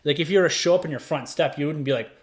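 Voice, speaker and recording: A man's voice: a little high, rapid-fire. A man hosting a podcast, leading a casual movie review chat and asking his co-hosts questions. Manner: leads the talk, asks the others questions. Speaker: podcast host.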